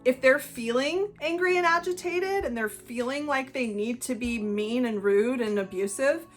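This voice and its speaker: In a solo video with soft background music, a high-pitched woman speaks at normal speed. As the channel host, she addresses her viewers directly, explaining things in an earnest, conversational manner.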